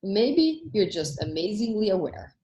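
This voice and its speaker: A woman hosting a coaching workshop, telling anecdotes in a casual, animated way and acting out the voices she quotes. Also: medium pitch, a little slow, roomy sound, dull audio, a little hiss or hum.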